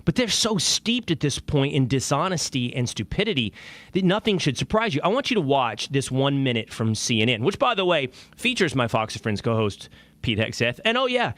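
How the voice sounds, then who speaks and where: A male show host delivering a sarcastic, animated opinion monologue. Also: medium pitch, dry recording.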